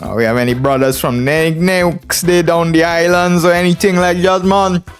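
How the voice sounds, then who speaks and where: A man's voice: fairly high pitch, fairly even intonation, normal speed. Boisterous Trinidadian man streaming chess. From Trinidad and Tobago. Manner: boisterous, drawling, keeps tagging "man". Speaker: chess streamer, international master. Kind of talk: casual live stream chat.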